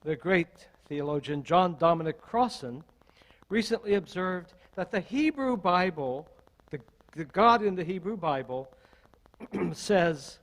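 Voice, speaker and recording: An older man, an associate minister, delivering a sermon in a measured, deliberate way with strings of rhetorical questions. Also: sits high, expressive, a bit bright, rough recording.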